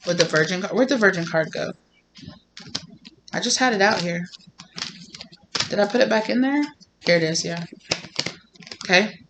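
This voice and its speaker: A woman's voice: mid-range voice, normal speed, long pauses, noisy background. A woman doing a casual tarot reading, chatty and full of fillers, often acting out quoted voices. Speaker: tarot reader.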